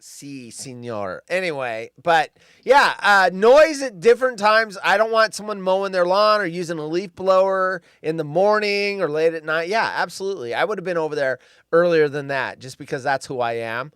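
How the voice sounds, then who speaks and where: A man co-hosting a casual talk show, speaking bluntly and swearing freely, getting loud when he quotes himself. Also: high-pitched, lively intonation, moderate pace, hardly any pauses, clear, resonant tone, dry recording, studio quality. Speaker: podcast co-host. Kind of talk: casual chat.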